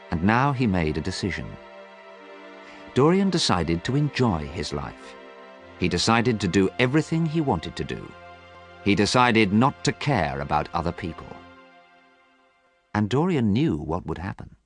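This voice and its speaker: A man reading a story aloud for English learners in a clear, measured, expressive way, recorded close and dry. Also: low voice, faint music behind. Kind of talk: scripted narration.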